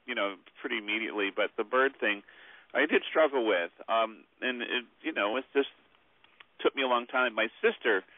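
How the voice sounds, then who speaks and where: A man's voice: medium pitch, moderate pace, dry recording. A man, an author and guest, telling stories in a rambling way with many fillers over the phone. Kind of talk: phone interview storytelling. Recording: tinny phone line.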